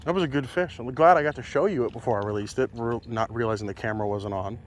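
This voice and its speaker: A man's voice: medium pitch, quick pace, slight background noise. A man talking casually to his viewers while bank fishing, recorded on a chest-mounted camera, chatty and self-deprecating. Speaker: fishing vlogger. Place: outdoors on a lake bank.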